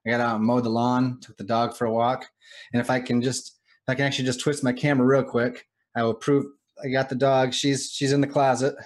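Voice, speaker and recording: A man chatting casually and earnestly about a hard week, halting and restarting. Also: mid-range voice, little pitch movement. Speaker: tabletop game player. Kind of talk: casual chat.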